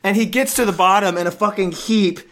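A man's voice: high-pitched, brisk, a bit bright. A man hosting a podcast, telling a long comedic story in a rambling, profane way and laughing often. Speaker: podcast host.

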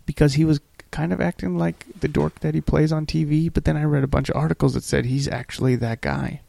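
Gravelly-voiced man rambling crudely. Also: fairly high pitch, steady tone, a little fast, mellow, no room sound. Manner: rambling, profane, acts out quoted people. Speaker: podcast co-host. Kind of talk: casual crude chat.

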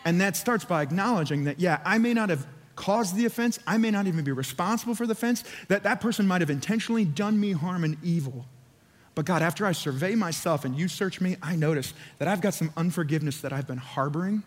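A man's voice: high-pitched, animated, fast talker. A man preaching a sermon as pastor, fervent and urging, repeating phrases for emphasis. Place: church auditorium. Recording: long hall reverb.

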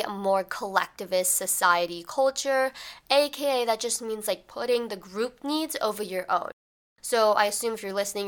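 A young woman hosts a solo podcast in a casual, chatty manner, full of fillers and acted-out examples. Her voice is bright, smooth and clear, with an animated delivery. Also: mid-range voice. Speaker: podcast host.

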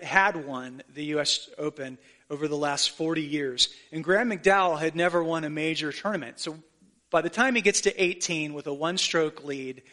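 A man's voice: on the high side, bright, forceful tone. A man preaching a sermon as a pastor, telling a story in an earnest way and sometimes correcting himself as he goes.

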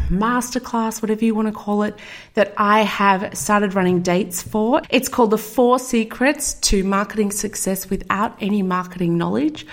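A middle-aged woman hosting her own podcast, talking casually and enthusiastically as a marketing coach. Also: medium pitch. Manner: upbeat, chatty, enthusiastic. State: out of breath. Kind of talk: casual solo podcast talk.

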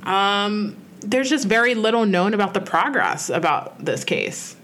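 A woman's voice: medium pitch, expressive, measured pace, fairly bright tone. A woman co-hosting a podcast in casual conversational chat, earnest and reflective, with frequent "like" and "you know" fillers. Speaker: podcast co-host.

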